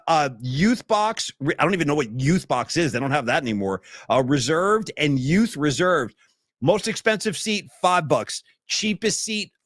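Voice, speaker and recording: A man in his fifties from Northern California, hosting a livestream podcast and chatting in an excitable, rambling, slangy way over a streaming call mic. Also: on the high side, no echo, studio quality. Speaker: podcast host. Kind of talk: casual livestream chat.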